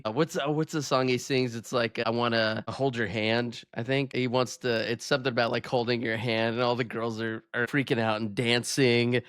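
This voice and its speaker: A man's voice: mid-range voice, a bit bright, clean tone, no room sound, clean studio sound. A young man co-hosting a podcast, chatting casually about a movie and acting out its lines, often laughing. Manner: laughs often, acts out quotes. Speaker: podcast co-host.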